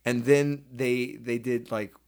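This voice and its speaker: A man's voice: medium pitch, level tone, slow pace, a little mellow. A man, a stage performer, telling stories in a casual interview; he rambles, restarts sentences and acts out quotes.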